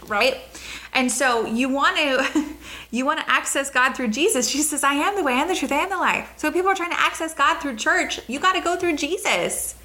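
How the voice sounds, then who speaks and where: A woman delivering a casual sermon with a bright, ringing tone and a voice on the higher side. She talks in an animated way, slipping into quick voices for little scenes as she preaches. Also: rough recording. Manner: animated, acts out dialogue with quick voice switches. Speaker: host and preacher.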